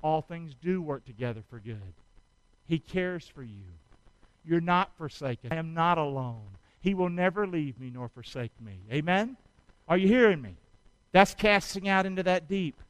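A man preaching a sermon, asking his congregation to answer back and building up to loud, fervent cries. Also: on the high side, expressive, moderate pace, smooth, no echo, low-quality recording. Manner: call-and-response preaching, rising to shouts. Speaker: pastor.

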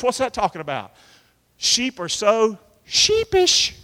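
A man's voice: very high-pitched, wildly swooping pitch, slow pace, pushed and bright. A man preaching a folksy sermon in church, calling out to the congregation and acting out quotes. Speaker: pastor. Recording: echoey hall.

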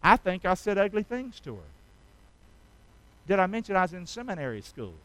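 Middle-aged male preacher, bright forceful tone, swings between soft asides and loud calls to the congregation. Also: sits high, very animated, brisk, rough recording. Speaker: pastor. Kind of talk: sermon.

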